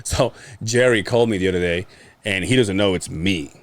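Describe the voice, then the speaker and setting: A man's voice: fairly quick, no room sound. A man casually telling stories on a podcast, swearing and mimicking other people's voices. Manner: animated, mimics others with high-pitched voices, swears often. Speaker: podcast host. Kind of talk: casual storytelling chat.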